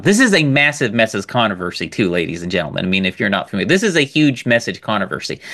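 A man co-hosting a podcast, talking in an animated, emphatic way and repeating words as he builds a point. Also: medium pitch. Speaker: podcast co-host. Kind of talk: casual podcast discussion.

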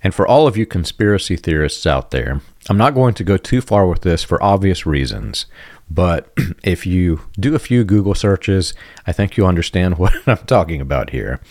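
Deep-voiced, guarded male podcast co-host. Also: animated, darkish tone, no room sound, clean studio sound. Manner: measured and guarded, with throat clearing and small laughs. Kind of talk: casual podcast discussion.

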